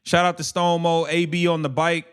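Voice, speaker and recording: A man's voice: on the high side, level tone, moderate pace, smooth. A man hosting a casual live watch-along stream, calling the plays and ranting in heated slang.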